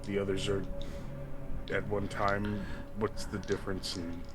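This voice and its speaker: A man playing in a tabletop game, speaking haltingly with many restarts. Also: fairly low pitch, level tone, music in the background. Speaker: player.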